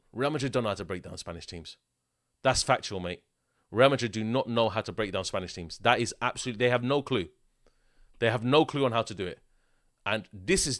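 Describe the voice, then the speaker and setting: A man talks through a football match preview in a loose, animated way, circling back on his points and tagging lines with "mate". His voice sits in a middling range. The recording is dry and close. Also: mid-range voice, no echo. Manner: animated, repetitive, tags lines with "mate" and "yeah?". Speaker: football channel host. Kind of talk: casual football preview talk.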